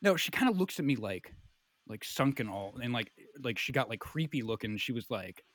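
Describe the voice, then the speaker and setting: Bright-voiced young man rambling a wild story. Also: medium pitch, normal speed, dry recording. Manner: rambling, animated, many fillers. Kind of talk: casual comic storytelling.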